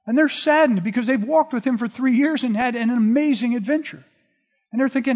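A man preaching a sermon, retelling scripture in a relaxed, conversational storytelling way. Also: very high-pitched, fairly quick. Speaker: pastor. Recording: long reverb of a large hall.

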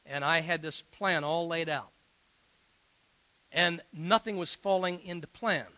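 A man's voice: fairly high pitch, unhurried, sharp tone, no echo, rough recording. A middle-aged man preaching a sermon, telling stories in an earnest, emphatic way with frequent fillers. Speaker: pastor. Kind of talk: sermon storytelling.

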